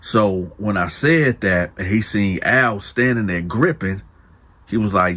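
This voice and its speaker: A man from Flint, hosting a show, telling a prison story in an animated, conversational way and acting out the dialogue. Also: fairly low pitch, slow, slight background noise. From Flint, Michigan. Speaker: host.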